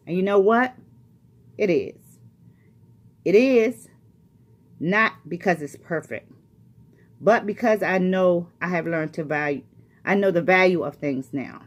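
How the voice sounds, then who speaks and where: A retired woman who works as a grief coach, speaking earnestly and personally to the listener and repeating phrases for emphasis. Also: fairly low pitch. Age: older. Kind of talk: motivational talk to camera.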